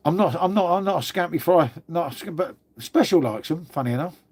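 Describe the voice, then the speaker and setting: A chatty middle-aged English livestream host reads out viewer comments, dropping "mate" all the time. He speaks a little fast with a fairly high, lively voice that's slightly mellow and husky, and there's no room sound.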